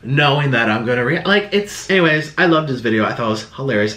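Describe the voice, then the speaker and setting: A man's voice: mid-range voice, lively intonation, brisk, few pauses, pushed and bright. A young man YouTuber talking casually to camera, rambling and defensive, slipping into sarcastic quoted voices. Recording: echoey room.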